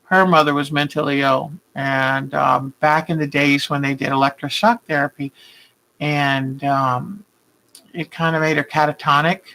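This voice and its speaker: A woman's voice: sits low, fairly even intonation, unhurried, poor audio. An older woman hosting a quilting video, chatting casually with viewers and greeting them by name. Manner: chatty and warm-hearted, greets viewers by name, rambling asides. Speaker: quilting vlog host. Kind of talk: casual live chat with viewers.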